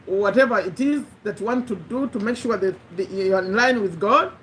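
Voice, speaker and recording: A woman's voice: mid-range voice, moderate pace, a little hiss or hum, rough recording. A woman giving an earnest, conversational motivational talk, repeating her key phrases for emphasis. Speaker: motivational speaker.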